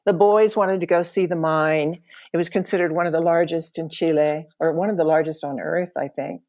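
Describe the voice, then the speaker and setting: A woman's voice: low-pitched, fairly even intonation, moderate pace, a little mellow. Emotional woman telling a travel story. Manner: emotional, laughing through the story, with restarts. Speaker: podcast storyteller.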